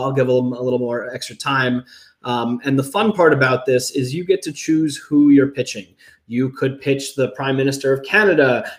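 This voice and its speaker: A man hosts a livestream panel in an upbeat, quick, joking way. His voice sits at an ordinary middle pitch. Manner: upbeat, rapid, jokey. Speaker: host.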